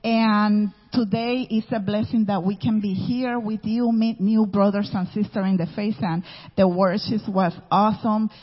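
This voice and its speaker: A middle-aged woman, a minister's wife, speaking gently to a congregation with many pauses and ums. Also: mid-range voice, steady tone. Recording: dull church hall sound with reverb.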